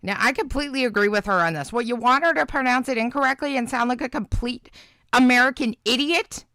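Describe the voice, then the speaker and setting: A woman's voice: high-pitched, quick pace, sharp tone, no echo, clean studio sound. A woman hosting a casual live reaction stream, chatting with viewers by name and giving blunt opinions. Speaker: livestream host reacting to a video.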